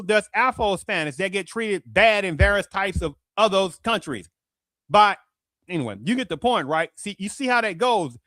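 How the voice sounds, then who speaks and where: High-voiced man in a fast rhetorical rant. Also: lively intonation, bright, forceful tone, no echo. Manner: rhetorical, repeats "right?" and "do you understand that?". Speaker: show host. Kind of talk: casual commentary monologue.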